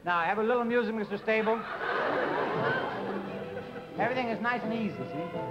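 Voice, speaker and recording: A man's voice: high voice, fairly quick, loud music behind the voice, a loud crowd, lightly acted. A man playing a bossy, impatient dance teacher in a live 1950s TV comedy sketch, exasperated and often laughing. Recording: dull lo-fi 1950 TV audio with loud audience laughter.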